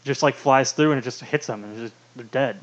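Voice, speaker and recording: A man's voice: mid-range voice, fairly quick. A man co-hosting a casual movie podcast, rambling with lots of "like". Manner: rambling, fills with "like" constantly. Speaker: podcast co-host. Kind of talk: casual movie review chat. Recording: dull lo-fi sound.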